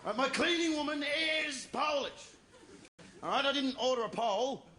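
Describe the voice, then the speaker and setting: Brash Australian comedian with a high voice. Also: male voice, lively intonation, normal speed, very noisy. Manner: brash, crude, mocking crowd work. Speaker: stand-up comedian. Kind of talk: stand-up routine. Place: comedy venue with live audience. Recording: echoey live venue, loud crowd laughter.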